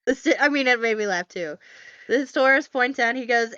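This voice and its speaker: A woman's voice: a little high, normal speed, pushed and bright, dry recording, lo-fi sound. Rambling woman recapping a movie. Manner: rambling, filler-heavy, wry. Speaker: podcast co-host.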